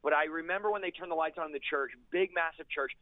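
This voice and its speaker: A man's voice: fairly high pitch, no room sound. Fervent man telling his story over a tinny line. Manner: intense, fast-paced storytelling with emphatic repetition. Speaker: guest preacher sharing a testimony. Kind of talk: fervent personal testimony in an interview. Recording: tinny, dry phone-like line.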